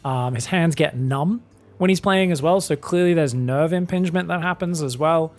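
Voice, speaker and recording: British male caster, a touch high-pitched, rambling and conversational over soft background music. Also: moderate pace. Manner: chatty, rambling tangents. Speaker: esports caster. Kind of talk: casual game commentary.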